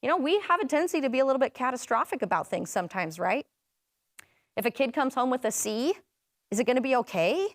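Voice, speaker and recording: A woman's voice: high-pitched, sing-song, fast, dry recording, studio quality. A woman presenting an interactive parenting workshop, chatting with the audience, asking questions and rephrasing their answers.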